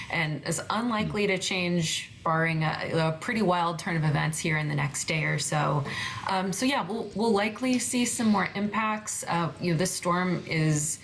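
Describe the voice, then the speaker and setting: A woman's voice: lowish voice, gravelly, a bit bright, a little hiss or hum. A woman weather reporter answering interview questions, hesitant with frequent fillers and restarts.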